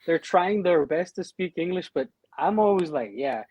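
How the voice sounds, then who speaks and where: A man's voice: sits high, animated, moderate pace, a little mellow, husky, no room sound. A man, a guest on a casual livestream, who laughs often and acts out quoted voices.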